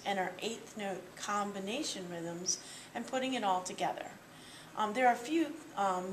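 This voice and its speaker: A woman's voice: mid-range voice, far from the mic, a little hiss or hum. A woman teaching a percussion lesson, explaining patiently step by step with small fillers. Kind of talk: instructional demonstration. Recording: echoey room, voice off-mic, with drumming.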